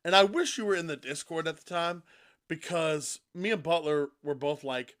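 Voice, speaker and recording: A man co-hosting a podcast in casual chat, excitable and profane, with sudden loud outbursts. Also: on the high side, moderate pace. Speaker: podcast co-host.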